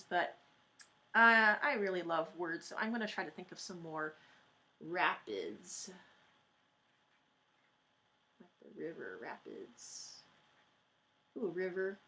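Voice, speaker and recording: A woman teacher giving a recorded lesson for her class, patient and encouraging, thinking aloud and slowly sounding out words. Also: lowish voice, a bit bright.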